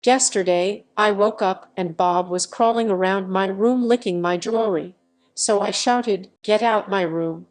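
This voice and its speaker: A woman hosting a storytime channel, reading a children's picture book aloud with expressive storytelling. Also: mid-range voice, measured pace. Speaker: storytime host.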